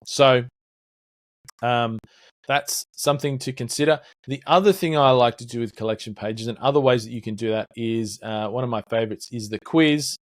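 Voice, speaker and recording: A man's voice: mid-range voice, moderate pace, no echo. Laid-back man explaining, dry close sound. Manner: conversational, filler-heavy, acts out salesperson dialogue. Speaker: podcast host. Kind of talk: casual business podcast teardown.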